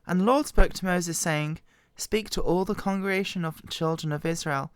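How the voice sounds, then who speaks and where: Woman, hoarse with a cold, halting and quiet, smooth tone under the strain. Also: dry recording. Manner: quiet, halting, voice wobbling in pitch. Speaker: Bible reader. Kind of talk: slow scripture reading. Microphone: very close to the microphone.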